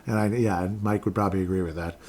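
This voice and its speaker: Hosting a sports podcast, this man chats and reads listener comments in a rambling way, full of laughs and restarts. His voice is low and darkish, with a steady tone and a quick pace, and there's a slight hiss or hum.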